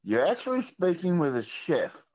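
A man's voice: on the high side, wildly swooping pitch, moderate pace, a little mellow. A man with an Australian accent calling a radio quiz, laid-back and musing. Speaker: caller. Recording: dull phone line.

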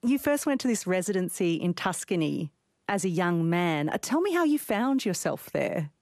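A woman hosting a radio book show, interviewing an author with bright enthusiasm. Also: lowish voice, sing-song, moderate pace, dry recording, clean studio sound.

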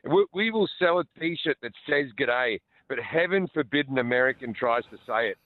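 An Australian man in his forties, a comedian chatting and joking as a radio guest with quick restarts over the phone. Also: fairly high pitch, animated, no room sound. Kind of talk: casual radio interview. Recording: tinny phone line.

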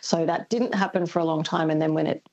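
An Australian woman, a linguist guest, explaining things thoughtfully on a radio interview, pausing often with ums. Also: low voice, a little mellow, highs cut off. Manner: thoughtful, hesitant with many ums.

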